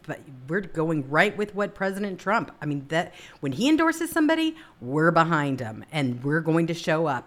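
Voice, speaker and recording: A woman hosting a political talk show, talking emphatically and swinging from soft murmurs to high exclamations.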